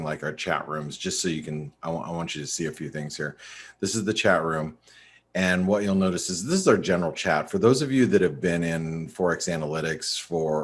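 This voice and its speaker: A man's voice: deep voice, slight background noise. A man hosting a live trading webinar, sounding tired and rambling through a screen-share walkthrough with lots of fillers and restarts. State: tired, yawning. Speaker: webinar host.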